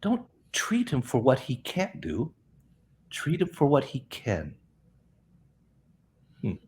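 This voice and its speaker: A man's voice: medium pitch, huge pitch swings, slow pace, darkish tone. A middle-aged man, a guest on an interview, telling a long story in a rambling way, often repeating words and quoting people in his own voice. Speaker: guest, health practitioner.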